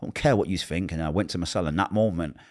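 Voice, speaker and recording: A man with a Manchester accent telling a painful personal story in an interview, acting out what others said and dropping to a hush at the hardest moments. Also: low-pitched, fast talker. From Manchester, England. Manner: acts out quoted voices, drops to a hush at painful moments.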